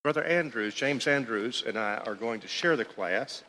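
A man's voice: medium pitch, animated, normal speed, bright, forceful tone, in a large hall. A man teaching a church Bible class in a conversational, thinking-aloud way.

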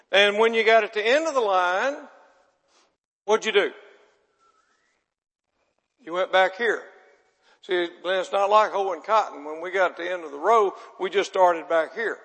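A man's voice: high voice, a little slow, long pauses, a bit bright. A man preaching a folksy sermon, chatting with his audience and quizzing them. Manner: chatty, asks the audience questions, self-deprecating. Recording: long hall reverb.

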